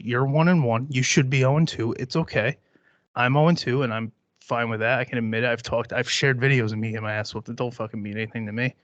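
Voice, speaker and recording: A man's voice: mid-range voice, no room sound, muffled recording. A man in his thirties hosting a podcast, talking bluntly and dismissively with plenty of swearing. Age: 30s. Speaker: podcast host. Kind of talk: casual chat.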